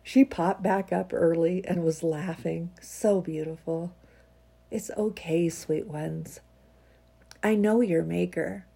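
Daily vlogger, woman, stuffy from a cold, husky and dark in tone, earnest reader. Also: lowish voice, steady tone, slow pace. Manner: warm, earnest, chuckles often. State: congested, stuffy nose. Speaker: vlogger reading her own writing. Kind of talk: casual chat, then a reflective reading.

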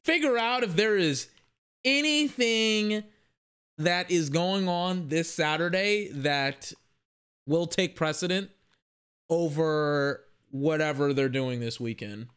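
Young dude venting about sports, loose and profane, clean crisp voice, kinda high. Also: male voice, slow pace, fairly bright tone. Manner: rambling, profane, self-correcting. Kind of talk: casual sports rant.

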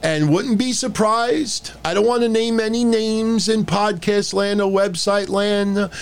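Male podcast host, fairly high voice, animated and crude, casual rant delivery. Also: a little slow, gravelly, clear, resonant tone. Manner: blunt, profane, mocking, animated.

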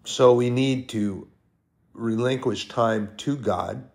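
Teaching from Scripture, this middle-aged preacher talks casually, correcting himself and using fillers, then rises from quiet asides into loud proclamations. His voice is mid-range, and he draws out his words.

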